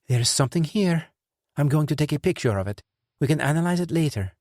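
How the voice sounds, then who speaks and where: A man voicing a brisk, decisive woman adventurer. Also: on the high side, lively intonation, a little mellow, no room sound, studio quality, voice pushed up. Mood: focused.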